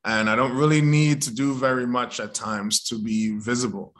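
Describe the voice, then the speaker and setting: A man, an actor, telling a story in a casual interview, animated and acting out the voices of the people in it. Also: mid-range voice, normal speed. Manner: animated, acts out quoted voices.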